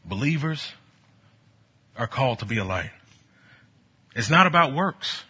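A man preaching a sermon, telling stories from his ministry and building to bold exhortation, with a husky voice. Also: medium pitch, measured pace. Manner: animated, storytelling, rising to bold exhortation. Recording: dull lo-fi sound.

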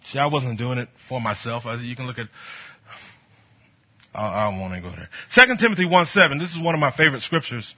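Husky, bright-voiced man preaching. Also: mid-range voice, fairly quick. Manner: animated, storytelling, rising to bold exhortation. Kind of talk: sermon with personal stories. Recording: dull lo-fi sound.

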